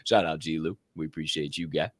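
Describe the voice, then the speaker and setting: A man hosting a podcast, giving energetic shout-outs in casual chat, swearing freely and whooping. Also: very deep voice, fairly quick, no echo, studio quality. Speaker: podcast host.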